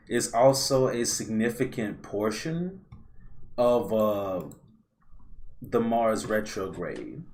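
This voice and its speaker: A man hosting a podcast, chatting casually and ramblingly about astrology over a video call. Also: medium pitch. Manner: relaxed, rambling, loose slangy phrasing. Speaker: podcast host. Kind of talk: casual astrology chat over a live stream.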